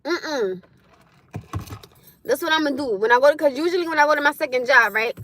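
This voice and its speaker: A woman chatting casually on a livestream, loud and laughing often as she answers comments. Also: high-pitched, animated, fairly quick. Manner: loud, laughing, talks back to chat. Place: in her car.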